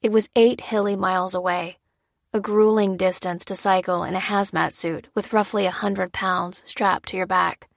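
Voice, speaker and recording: A woman reading an audiobook chapter in a measured, steady scripted narration. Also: mid-range voice, gravelly, no echo.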